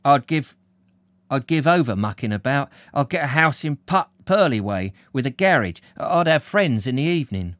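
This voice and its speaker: A man's voice: mid-range voice, lively intonation, moderate pace, fairly bright tone, no echo, close to an everyday voice. A man voicing a defiant young working-class man, curt and mumbling. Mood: brooding. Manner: curt, mumbling cockney speech.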